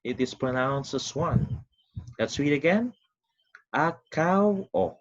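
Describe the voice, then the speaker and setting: A man teaching a recorded online lesson, speaking slowly and deliberately and asking listeners to repeat words after him. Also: medium pitch, animated, lo-fi sound. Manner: slow, deliberate teaching with call-and-repeat drills.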